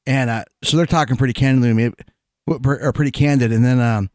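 A man's voice: mid-range voice, steady tone, fast, a little mellow, no room sound. A man co-hosting a podcast in casual chat, rambling and hesitant, often restarting his sentences. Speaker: podcast co-host.

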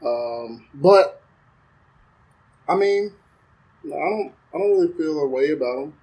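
A man's voice: a little high, lively intonation, slow, highs cut off. Easygoing man from the South. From American South. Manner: easygoing, laughs often, self-deprecating humor. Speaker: podcast guest. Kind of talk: casual podcast chat.

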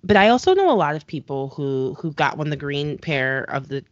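A woman's voice: deep voice, sing-song, moderate pace, no room sound. A woman chatting casually about sneakers, with a lot of "like" fillers. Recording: dull, lo-fi sound.

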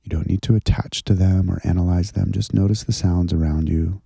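A man leading a slow, gentle guided contemplative prayer and breathing exercise. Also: sits low, steady tone, creaky, breathy edge, dry recording, clean studio sound. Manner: slow, gentle, soothing guidance.

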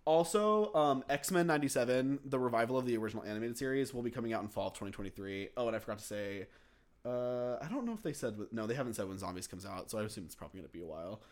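A man's voice: medium pitch, racing. A young man co-hosting a casual podcast chat, talkative and sarcastic in an offhand way. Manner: chatty and lively, with dry sarcastic asides. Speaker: podcast co-host.

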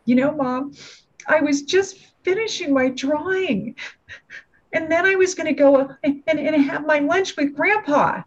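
Tearful six-year-old girl, high and choked, plaintive, as voiced by a woman; dull lo-fi audio. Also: a little slow. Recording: dull lo-fi sound.

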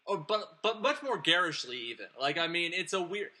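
Bright-voiced man rambling through a recap. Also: high voice, expressive, brisk, husky. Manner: rambling, digressive, chuckles mid-sentence. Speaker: podcast host recapping a film. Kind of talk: casual chat.

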